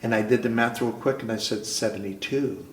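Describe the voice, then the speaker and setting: A man speaks at a recovery club meeting, telling his own story in an earnest, halting way and often starting his sentences over. His voice sits in a middle range for a man. The room around him is roomy and echoing. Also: mid-range voice, level tone, slight background noise. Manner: earnest, halting, with frequent restarts. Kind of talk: sharing a personal story at a meeting.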